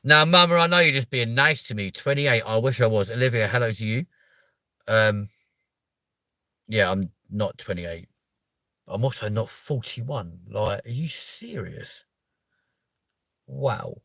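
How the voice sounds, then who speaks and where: A man's voice: medium pitch, unhurried, creaky, pauses often, sharp tone, dry recording. A British man in his thirties hosting a livestream, chatting casually with viewers and reading their comments, playful and mock-offended, swearing casually. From United Kingdom. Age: 30s. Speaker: livestream host.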